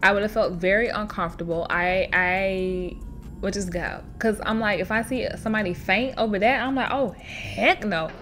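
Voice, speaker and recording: A woman hosting a show where she reads online stories aloud and reacts to them in an expressive, chatty way, laughing often and talking straight to her listeners. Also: medium pitch, moderate pace, faint music behind. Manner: chatty, addresses listeners directly. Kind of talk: casual storytelling with commentary.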